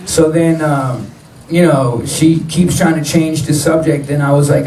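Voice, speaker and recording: A man's voice: a little high, fairly even intonation, normal speed, warm tone, a little hiss or hum. A man telling blunt, profane stories in a live spoken word performance on stage. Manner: blunt, profane street storytelling. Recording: roomy, distant live-venue recording.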